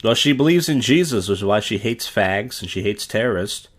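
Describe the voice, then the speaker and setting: A man's voice: lowish voice, lively intonation, brisk, heavy background noise. A man hosting a podcast, giving blunt, profane commentary on viral clips. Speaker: podcast host.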